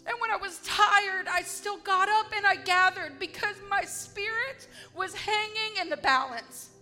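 A woman's voice: very high voice, measured pace, bright, forceful tone, faint music behind. A woman giving an earnest, heartfelt devotional testimony, speaking with emphasis.

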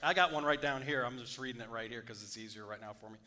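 A man preaching a sermon as pastor, reading scripture aloud and then preaching on it, dropping to a hush and rising loud again, repeating key phrases for emphasis. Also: medium pitch, quick pace.

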